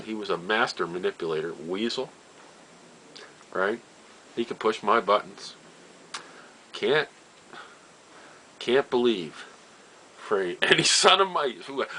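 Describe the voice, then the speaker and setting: An older Nova Scotia man tells family stories casually, chuckling often, trailing off and repeating phrases as he goes. His mid-range voice is bright and forceful. The recording is low quality.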